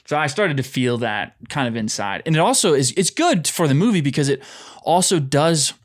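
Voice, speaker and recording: Animated man in casual film talk. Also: fairly high pitch, moderate pace. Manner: animated, acts out his own reactions in quotes. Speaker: podcast co-host. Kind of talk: casual film review chat.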